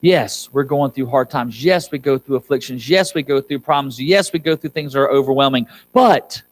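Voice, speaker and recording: A man's voice: mid-range voice, brisk, low-quality recording. A man preaching a sermon as pastor, pleading with the congregation and rising to urgent appeals. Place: church sanctuary.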